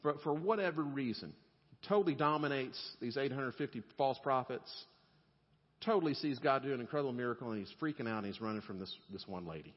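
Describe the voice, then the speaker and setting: A male pastor preaching a sermon in a relaxed, conversational way, with humor and softer, gentle passages. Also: lowish voice, brisk. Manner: conversational and humorous, dropping to soft gentle tones. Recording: lo-fi sound with long hall reverb.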